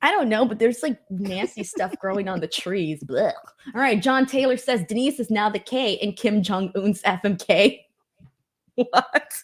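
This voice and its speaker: A woman's voice: medium pitch, animated, measured pace. A young woman hosting a casual wrestling post-show, reading viewer comments aloud and laughing often. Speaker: host. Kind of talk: casual chat.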